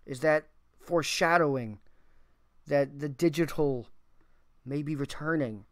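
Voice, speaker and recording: A man's voice: a little high, measured pace. A man hosting a music reaction video, talking casually and enthusiastically, thinking aloud and swearing now and then.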